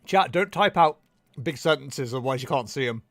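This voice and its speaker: A man's voice: mid-range voice, lively intonation, moderate pace, fairly bright tone, no echo, studio quality. A man casually chatting to his stream from home, teasing his viewers with playful mock outrage. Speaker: livestream tournament commentator.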